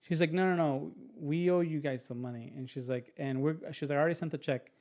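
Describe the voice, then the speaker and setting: Chatting casually as a podcast guest, a young man recounts a story with energy, voicing other characters and making quick restarts. He speaks at a fairly high pitch.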